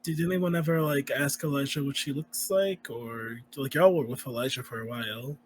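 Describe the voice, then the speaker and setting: A tabletop player chatting casually with a joking, expressive manner. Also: mid-range voice, moderate pace, slight background noise.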